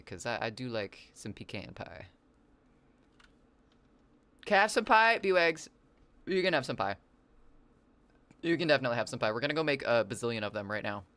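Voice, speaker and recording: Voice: mid-range voice, fairly bright tone, no echo. Rambling, chatty game streamer. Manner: rambling and chatty, reads chat aloud and answers it; playful wordplay and silly asides. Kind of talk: casual live-stream chat while gaming.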